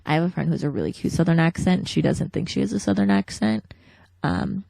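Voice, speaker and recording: A woman's voice: lowish voice, animated, brisk, gravelly, warm tone, no room sound. A young woman co-hosting a podcast, chatting casually with wry asides and swearing freely. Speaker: podcast co-host. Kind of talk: casual chat.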